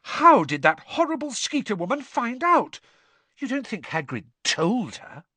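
A man's voice: fairly high pitch, sing-song, moderate pace, no echo, voice pushed up. A man voicing a clever, earnest teenage witch girl who sounds anxious.

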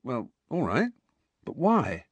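A man's voice: medium pitch, huge pitch swings, slow pace, breathy edge, no room sound, voice pushed up, full character voice. A man doing a fed-up teenage schoolboy. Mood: uncertain. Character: frustrated teenage schoolboy, weary and defensive. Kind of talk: audiobook character reading.

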